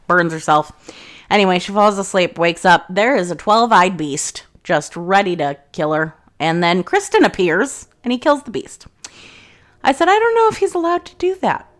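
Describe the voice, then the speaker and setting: Sarcastic young woman recapping a book. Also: lowish voice. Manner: sarcastic, profane, chatty. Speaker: book reviewer.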